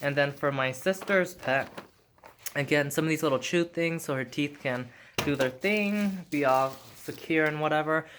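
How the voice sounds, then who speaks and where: A young adult male vlogger with a slightly high voice chats casually at normal speed, upbeat and saying "like" constantly. Background noise can be heard.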